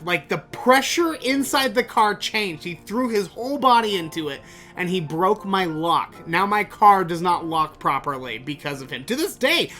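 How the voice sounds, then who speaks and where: A man hosting a podcast, telling a story in an animated, exasperated way and swearing freely. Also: high-pitched. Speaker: podcast host. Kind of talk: casual storytelling monologue.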